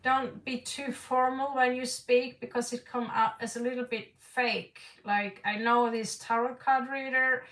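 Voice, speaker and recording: A woman's voice: a little high, level tone, unhurried, few pauses, a bit bright, reverberant, distant mic, rough recording. A woman doing an online tarot reading in a rambling, frank way. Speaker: tarot reader.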